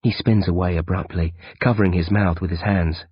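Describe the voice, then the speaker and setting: A man narrating a first-person audiobook in a tense, measured storytelling manner. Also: low-pitched, steady tone, husky, no echo. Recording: dull, dry lo-fi recording.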